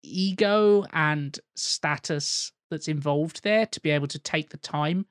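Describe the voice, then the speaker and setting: A man's voice: fairly high pitch, measured pace, dry recording. Guy musing on a podcast, lots of ums and likes, dry close sound. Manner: thoughtful, hesitant, full of fillers. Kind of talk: casual chat about acting.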